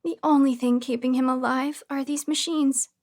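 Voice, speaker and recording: A woman's voice: high voice, fairly even intonation, moderate pace, darkish tone, pitched above the performer's own voice. A woman voicing a sing-song creepy caretaker. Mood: sugary menace. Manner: sing-song, chirpy, over-sweet. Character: sweet, creepy female caretaker, falsely motherly. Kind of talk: audiobook horror reading.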